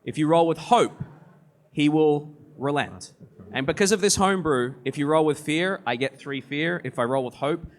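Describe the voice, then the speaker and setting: A man's voice: a little high, normal speed. Man running a live tabletop game. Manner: laughing, explains rules. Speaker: game master. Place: convention hall stage.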